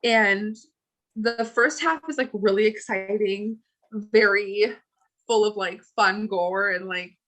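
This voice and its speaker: A woman's voice: mid-range voice, slow pace, fairly bright tone, rough recording. A woman co-hosting a podcast, chatting casually about movies with lots of fillers and giggles. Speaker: podcast co-host. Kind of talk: casual chat.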